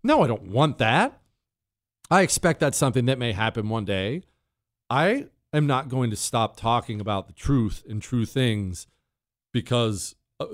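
A man's voice: medium pitch, no echo, studio quality. A man hosting a talk radio show, telling a story with dramatic flair and sound effects, then answering listener questions.

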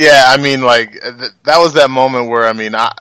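A man's voice: mid-range voice, steady tone, a little fast, bright, forceful tone, smooth, no room sound. Chatty man on a movie podcast. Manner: chatty, hesitant starts with fillers. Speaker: podcast guest. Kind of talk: casual movie review chat.

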